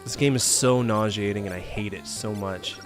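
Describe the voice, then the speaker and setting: A man's voice: lowish voice, moderate pace. A man in his thirties streaming a game live, joking, complaining sarcastically and chatting with viewers. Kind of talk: live gameplay commentary. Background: faint game music.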